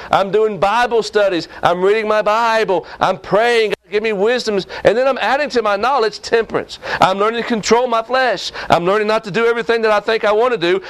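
A man's voice: sits high, a bit bright. Folksy preacher man. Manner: folksy, scolding, asks the congregation questions. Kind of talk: sermon.

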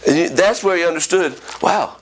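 A man preaching an animated, emphatic sermon in a church, repeating phrases and acting out quotes. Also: fairly high pitch, fairly quick, low-quality recording. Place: church before a responding congregation.

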